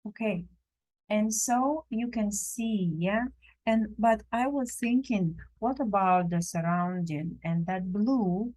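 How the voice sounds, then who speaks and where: Slow, gentle woman teaching drawing. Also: mid-range voice, poor audio. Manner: slow, gentle, non-native phrasing with many pauses. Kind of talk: live drawing lesson. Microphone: camera while drawing at a table.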